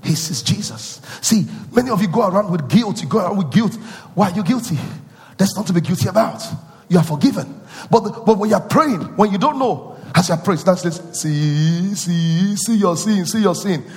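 A male preacher giving a sermon, repeating phrases and questioning his listeners, rising from quiet teaching into sung and shouted peaks. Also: high voice, lively intonation, brisk, in a large hall.

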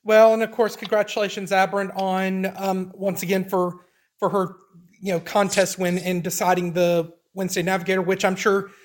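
A man co-hosting a podcast, explaining a trivia contest in casual chat, measured and hesitant with frequent ums. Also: sits high, level tone. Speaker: podcast co-host running trivia.

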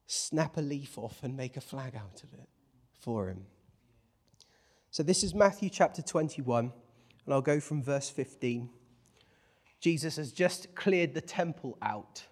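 A British man preaching a lively sermon, playful and animated, swinging from hushed asides to exclaiming. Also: medium pitch.

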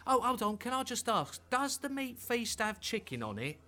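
A man's voice: very high-pitched, sing-song, normal speed, pushed and bright, exaggerated voice. A man playing a fussy, stubborn diner on a date who keeps interrupting to change his order. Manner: pedantic, interrupting, indignant.

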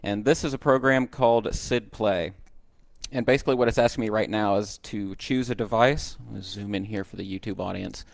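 A man's voice: fairly low pitch, fairly even intonation, a little fast, creaky, no room sound. A man hosting a podcast, casually explaining old computer music tech step by step with enthusiasm. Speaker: podcast host. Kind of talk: casual podcast chat and demo.

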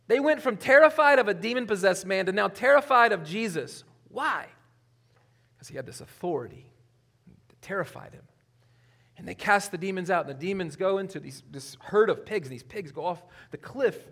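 A man preaching a sermon in a conversational way, his voice rising on questions and dropping low on key points. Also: normal speed, a bit bright. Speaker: pastor.

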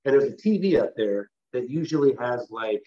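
Man, husky, mid-pitched, casual rambling story, interview guest, slightly muffled recording. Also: expressive, moderate pace. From US West Coast. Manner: rambling, with restarts and filler phrases.

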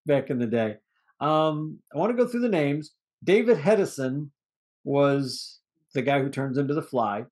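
Here a man with a slightly high voice talks at normal speed as he co-hosts a podcast. He rambles in an animated, casual way about an old movie, letting the odd curse word slip.

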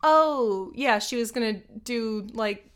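A woman's voice: a little high, slow pace, clean tone. A woman on a casual podcast chat, chiming in with short remarks and giggling often. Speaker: podcast co-host.

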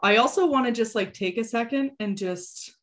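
A woman co-hosting a podcast in casual chat, animated and quick to slip into playful impressions. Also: on the high side. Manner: animated, often slips into a posh drawling impression. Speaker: podcast co-host.

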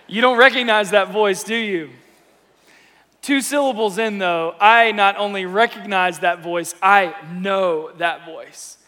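High-voiced pastor, chatty and playful, bright sound with long hall echo. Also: male voice, measured pace. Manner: lively, playful, conversational preaching. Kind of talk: sermon. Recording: echoey church hall.

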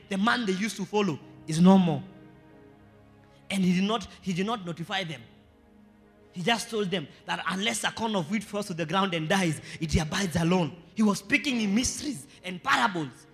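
A high, bright-voiced Kenyan man preaching a sermon, climbing into shouted emphasis and playful asides. His voice rings out through a reverberant church hall with faint music underneath. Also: moderate pace, creaky, slightly rough. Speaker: pastor.

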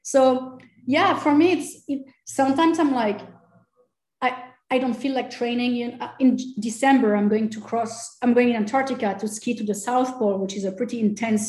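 A woman from Corsica with a French accent, chatting as an interview guest, animated and laughing often as she acts out quotes. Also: a little high, a little fast, few pauses, roomy sound. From Corsica, France. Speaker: fitness coach, guest. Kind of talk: casual interview chat.

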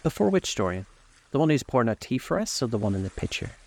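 A man's voice: mid-range voice, very animated, fast, gravelly, pitched above the performer's own voice. A man reading aloud as a languid, witty older nobleman who drawls his epigrams.

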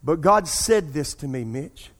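Man, middle-aged pastor, sermon, asks the congregation questions, raised pitch, long hall echo. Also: moderate pace, a little mellow. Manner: preaching with call-and-response asides to the congregation. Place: church sanctuary.

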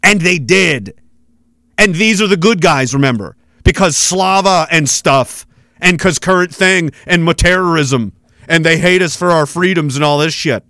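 A man's voice: a little high, normal speed, sharp tone, dry recording, clean studio sound. A man hosting a podcast, ranting sarcastically and with heavy profanity while commenting on news clips. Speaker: podcast host.

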